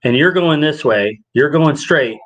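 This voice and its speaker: A young adult man co-hosting a podcast in casual chat, an animated storyteller who acts out quoted exchanges. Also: fairly high pitch, measured pace. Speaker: podcast co-host.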